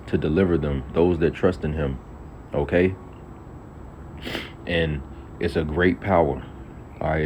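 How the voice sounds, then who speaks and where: A man with a deep, mellow voice reads scripture aloud and then unpacks it in casual street-level talk, tagging his points with "okay" and "all right." The recording sounds muffled and lo-fi. Faint vehicle noise hums underneath. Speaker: preacher. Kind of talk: casual Bible teaching. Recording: dull lo-fi audio with faint traffic noise.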